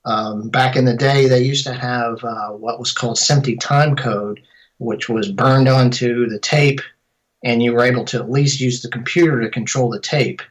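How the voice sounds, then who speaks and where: A man's voice: mid-range voice, steady tone, moderate pace, poor audio. A middle-aged man, a filmmaker and composer, answering interview questions in a casual, rambling way and often correcting himself mid-sentence. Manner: rambling, self-correcting storyteller.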